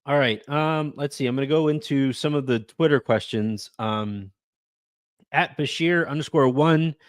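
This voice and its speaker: A man hosts a sports podcast in a lively, casual way, often stumbling over and repeating words as he thinks aloud. His voice sits at an everyday middle pitch. The recording is dry and close, with no room sound. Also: a little slow, clear, resonant tone, no room sound. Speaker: podcast host.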